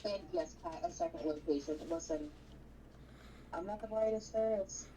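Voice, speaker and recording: A woman's voice: on the low side, normal speed, far from the mic, dull audio, background noise. A woman co-hosting a casual livestream, telling a dating story animatedly and acting out what people said. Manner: animated storyteller, acts out quotes. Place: home livestream setup.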